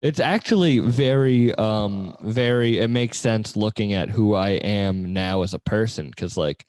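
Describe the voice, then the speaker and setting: A man's voice: lowish voice, unhurried, darkish tone, no room sound. A man hosting a casual chat podcast, rambling through stories and laughing often. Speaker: podcast host.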